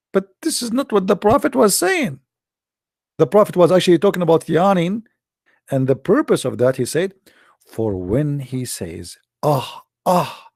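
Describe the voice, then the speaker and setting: Gravelly, sarcastic man, slightly high voice. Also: very animated, darkish tone, no echo, studio quality. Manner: sarcastic, mocking, drawls quoted passages slowly; non-native English phrasing. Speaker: religion critic commentator. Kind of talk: mocking monologue commentary.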